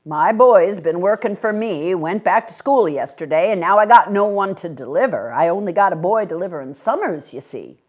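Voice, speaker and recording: A woman reading aloud, voicing a blunt, suspicious rural male shopkeeper who speaks loudly. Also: fairly low pitch, animated, normal speed, hardly any pauses. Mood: blunt, stubborn.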